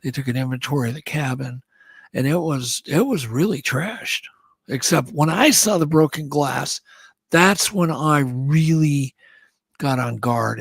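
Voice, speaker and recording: A man on a radio show telling a story in a casual, animated way and acting out what others said. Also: a little high, gravelly, breathy edge, dry recording. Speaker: guest.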